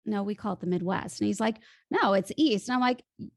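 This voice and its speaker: A woman from Chicago, a voice coach guest on a podcast, telling a story lively and acting out the dialogue. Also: mid-range voice, fairly quick, vocal fry, dry recording, studio quality. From Chicago, USA. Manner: lively, acts out quoted dialogue, laughs easily. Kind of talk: animated storytelling in an interview.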